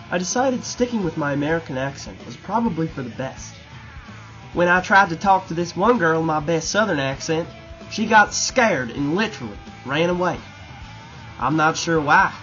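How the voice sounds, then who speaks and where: A man's voice: a little high, fairly bright tone, highs cut off. A young man and student host who runs a joking campus quiz, outdoors on a college campus, with dry self-mocking humor. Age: young adult.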